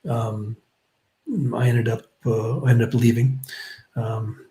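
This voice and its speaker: A man's voice: on the low side, level tone, takes it slowly, warm tone, rough recording. A middle-aged man, a podcast guest telling stories in a casual, rambling way with lots of ums and uhs and offhand swearing. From Canada, British Columbia. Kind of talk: casual storytelling interview.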